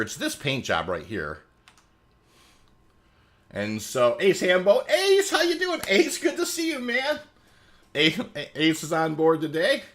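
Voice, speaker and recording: A man's voice: on the high side, a bit bright. A man in his thirties streaming a game, chatting in a rambling way with many fillers and answering chat messages as they come in. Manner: reads chat messages aloud and answers them. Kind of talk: casual livestream chat.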